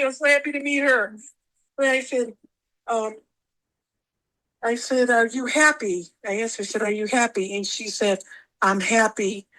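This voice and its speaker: A woman with a somewhat high voice recounts a personal experience as a podcast guest. She talks in an animated, emotional way and circles back over the same phrases again and again. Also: poor audio. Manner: rambling, repeats herself, animated.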